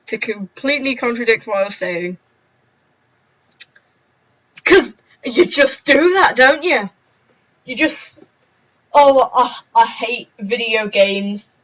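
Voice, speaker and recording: A woman's voice: fairly high pitch, expressive, a little slow, pauses often, bright, forceful tone. A young woman chatting in a rambling, giggly, self-mocking way on a casual story-time vlog. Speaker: vlogger. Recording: dull lo-fi recording.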